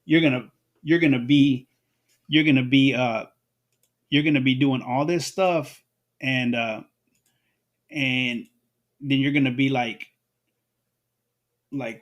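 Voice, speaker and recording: A man's voice: medium pitch, slow, pauses often, lo-fi sound. Rambling man hosting a podcast. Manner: rambling, repeats and restarts phrases. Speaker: podcast host. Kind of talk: unscripted solo podcast monologue.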